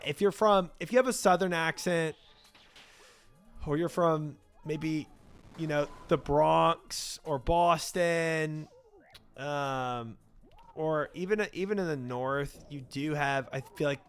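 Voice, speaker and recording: A man's voice: on the high side, takes it slowly, pauses often, clear, resonant tone. Rambling male streamer over game music. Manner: rambling, trails off into mumbled game talk. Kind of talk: casual gameplay chat reading chat.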